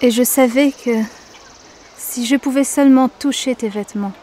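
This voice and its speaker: A woman's voice: high voice, normal speed, mellow, slight background noise, natural voice. An actress voicing a humble woman who was healed of bleeding, speaking in an earnest, imploring film dub. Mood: pleading. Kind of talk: dubbed film dialogue.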